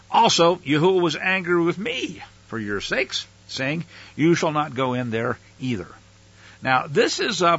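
A man's voice: fairly high pitch, bright, forceful tone, slightly rough, highs cut off. A man teaching from the Bible, reading scripture aloud with dramatic emphasis and breaking in with casual, plain-spoken asides.

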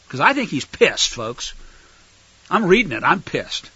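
A man's voice: a little high, big pitch swings, moderate pace, bright, forceful tone, slightly rough, no echo. A man teaching from the Bible in a casual, chatty way, with wry asides to his listeners, on a dull lo-fi recording. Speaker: preacher.

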